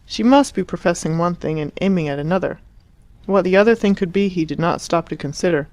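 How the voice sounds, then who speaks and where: A woman narrating an audiobook in a measured, expressive reading voice. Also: on the low side, no room sound. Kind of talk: scripted narration.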